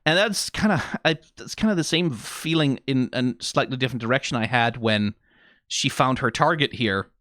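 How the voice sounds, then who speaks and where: A man's voice: medium pitch, normal speed, a bit bright, no echo. A man with a Danish accent giving casual, rambling commentary as a reaction YouTuber, swearing and firing off rhetorical questions. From Denmark. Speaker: video game reaction YouTuber.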